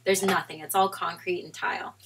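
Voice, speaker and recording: A young woman, a guest on a casual chat show, telling an animated story and breaking into shouted quotes. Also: lowish voice, fairly quick, slight background noise.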